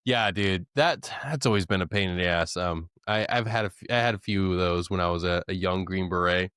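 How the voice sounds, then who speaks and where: A man's voice: deep voice, brisk, a bit bright, smooth, no room sound, studio quality. A man hosting a podcast, a former Green Beret who reacts in a blunt, profane, laid-back way during casual chat.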